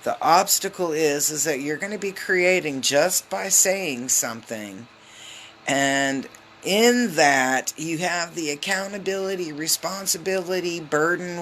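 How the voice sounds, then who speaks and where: A woman giving a casual live tarot reading on a phone, chatty and loose, with lots of filler ums and quick hellos to her viewers. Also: lowish voice, slight background noise. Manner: greets viewers mid-reading. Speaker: tarot reader.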